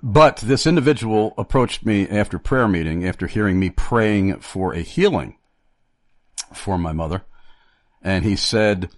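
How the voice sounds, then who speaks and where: A man hosting Christian radio talk, reflective and halting, with many fillers. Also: on the low side, expressive, no room sound.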